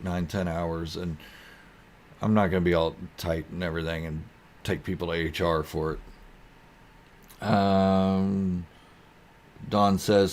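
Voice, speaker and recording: On a relaxed live stream, a low-voiced male host reads out comments from viewers and meanders through them with goofy, easygoing humor.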